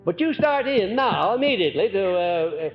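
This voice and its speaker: A man giving an earnest, folksy lecture to a live audience, letting his voice rise and drop on purpose and often pausing on "uh". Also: high-pitched, very animated. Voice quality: frequent "uh" hesitations. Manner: folksy, earnest, swings between loud and soft on purpose. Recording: muffled archival recording, faint music.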